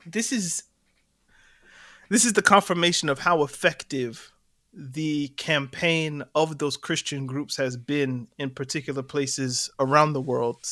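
A man co-hosting a podcast, telling a story in animated casual chat and laughing between points. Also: fairly high pitch. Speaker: podcast co-host.

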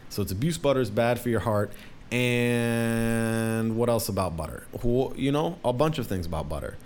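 A man's voice: medium pitch, animated, normal speed, a little mellow, slight background noise. A young man ranting casually, swearing a lot and restarting his sentences often. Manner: profane, rambling, many restarts. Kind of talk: casual rant.

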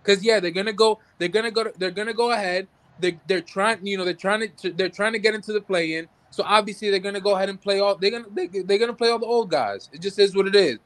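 A man's voice: high voice, quick pace, hardly any pauses. A man co-hosting a casual sports talk show, ranting in heated frustration, swearing and stumbling over his words. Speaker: podcast co-host.

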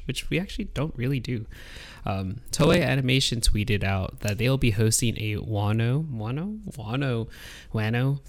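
A man co-hosting a podcast in a laid-back, chatty way, laughing easily. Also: mid-range voice. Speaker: podcast co-host. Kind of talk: casual chat.

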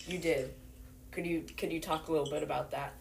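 A woman's voice: deep voice, steady tone, fairly quick, creaky, slight background noise. A young woman hosting a homemade mock news show, rambling and hesitant, full of fillers. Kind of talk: playful mock newscast.

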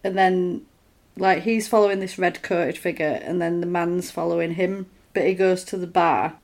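A woman talks through a film's story in a relaxed, chatty way, the kind of easy back-and-forth a podcast host has with a friend. She keeps the telling lively and now and then slips into brief put-on voices for the characters. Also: on the low side, vocal fry. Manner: animated retelling, acts out lines in quick put-on voices; conversational, with fillers and restarts. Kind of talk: casual film recap chat.

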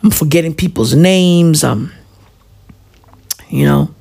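A woman's voice: low voice, takes it slowly, vocal fry, dark tone, husky. A tired woman doing a profane, rambling comedic rant that keeps drifting off on tangents.

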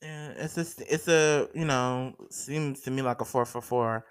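A man's voice: mid-range voice, steady tone, a little slow, few pauses, smooth. A man hosting his own podcast, chatting casually and gossiping about celebrity news with slangy asides and lots of fillers. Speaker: podcast host. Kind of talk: casual solo podcast chat.

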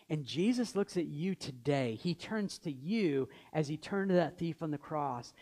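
A man's voice: fairly high pitch, lively intonation, a little slow, hardly any pauses, mellow. A man in his thirties preaching a sermon as pastor, telling stories earnestly and acting out the dialogue. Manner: earnest storytelling, acts out dialogue.

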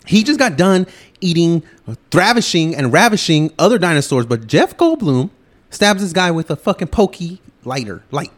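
A man hosting a podcast, ranting loudly and swearing nonstop as he reviews a movie. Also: fairly high pitch, big pitch swings. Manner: loud, swearing, rapid ranting. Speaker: podcast host. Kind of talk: profane movie-review rant.

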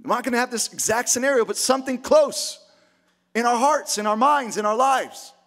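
Pastor preaching: high-voiced man, emphatic, rallying the room with questions. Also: normal speed. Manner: emphatic, energetic, rhetorical questions. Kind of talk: sermon.

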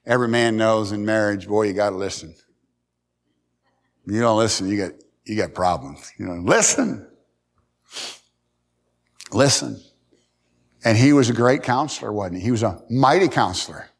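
A middle-aged man preaching a sermon, folksy and emphatic, climbing to loud high peaks and repeating words. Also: lively intonation, normal speed, pauses often. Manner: emphatic, rising loud at key points. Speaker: pastor.

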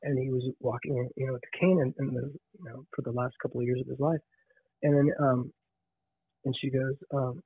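A man telling a story in casual conversation, animated, often restarting and repeating words. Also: medium pitch, brisk, slightly rough, no room sound. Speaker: podcast guest. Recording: tinny phone-line sound.

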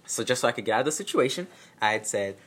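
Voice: medium pitch, expressive, rapid-fire, fairly bright tone. A speaker telling a personal story at home in a casual vlog, sarcastic and self-mocking. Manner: sarcastic, self-mocking, acts out quotes in exaggerated voices. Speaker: storyteller vlogger. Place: home, with a dog nearby.

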